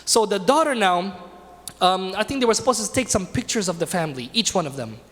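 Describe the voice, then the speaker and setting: A man's voice: high voice, expressive, brisk, fairly bright tone. A man teaching a religious class in a mosque, telling a story and asking his class questions in a conversational way. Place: mosque hall. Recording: reverberant hall.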